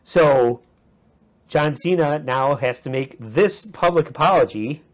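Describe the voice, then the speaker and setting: A man's voice: fairly high pitch, animated, slow. Rambling, wry male podcast host. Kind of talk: crude comedy podcast chat.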